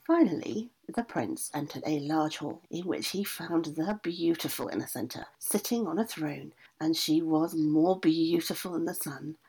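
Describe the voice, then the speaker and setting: A woman reading a fairy tale aloud, lively, adding casual asides as she goes. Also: sits low, moderate pace, hardly any pauses, slightly rough. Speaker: storyteller.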